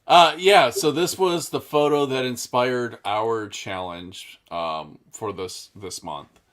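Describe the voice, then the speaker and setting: A man's voice: mid-range voice, slow pace, a bit bright. A man co-hosting a casual hobby show, upbeat and enthusiastic, laughing often. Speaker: co-host of a model car customizing show. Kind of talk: casual chat.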